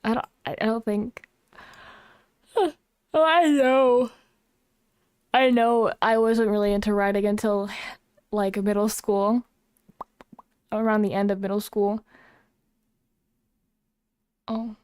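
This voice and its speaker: A woman's voice: mid-range voice, flat delivery, unhurried, pauses often, darkish tone, smooth, no echo, studio quality. A young woman chatting casually on a livestream, flustered and self-mocking as she sets things up. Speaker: streamer.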